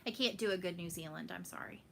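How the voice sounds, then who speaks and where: A woman's voice: lowish voice, fast talker, creaky, fairly bright tone, a little hiss or hum. A woman from Texas with a Texan accent, chatting casually with viewers as host of a stitching show at home. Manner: chatty, laughing, answers viewer comments. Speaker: flosstube host. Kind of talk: casual live chat.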